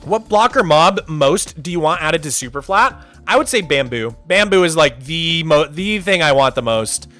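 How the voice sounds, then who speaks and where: A man chatting casually on a game livestream, answering viewers' questions and thanking donors in a bright, clear voice. His pitch is a touch high for a man and swings a lot as he talks. Faint music plays underneath. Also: lively intonation, normal speed, few pauses. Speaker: streamer.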